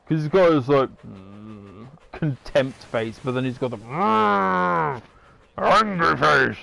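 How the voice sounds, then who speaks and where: A man's voice: medium pitch, expressive, a little slow, gravelly, bright, forceful tone. A man giving rambling, casual commentary while playing a game, swearing now and then. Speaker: gamer.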